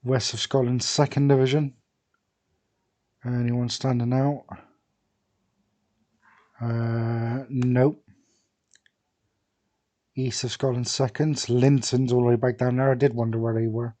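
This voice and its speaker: A young man casually commenting on a football management game, thinking aloud with many fillers and pauses. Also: medium pitch, flat delivery, warm tone. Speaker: gaming video creator.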